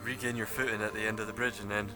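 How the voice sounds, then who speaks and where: A man's voice: lowish voice, level tone, racing, over music. Laughing, rambling male game master. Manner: rambling, laughing, many fillers. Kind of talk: narrating a tabletop game.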